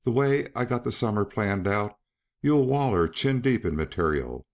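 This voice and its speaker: A man reading as an older frontier cowman with a slow, whimsical drawl and blunt, folksy talk. The voice sits very low, yet it rises and falls freely. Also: animated. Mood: encouraging.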